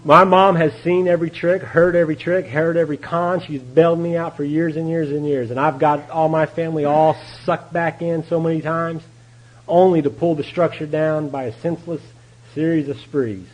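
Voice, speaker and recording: A man's voice: on the high side, steady tone, normal speed, rough recording. A man giving a candid, folksy talk at a recovery meeting, telling his story with laughs along the way. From Texas. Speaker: AA meeting speaker. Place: meeting room.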